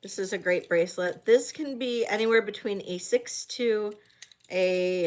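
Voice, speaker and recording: A woman hosting a live jewelry sale, describing pieces in detail and chatting effusively with viewers. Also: medium pitch. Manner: describes items slowly in detail. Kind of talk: livestream sales chat.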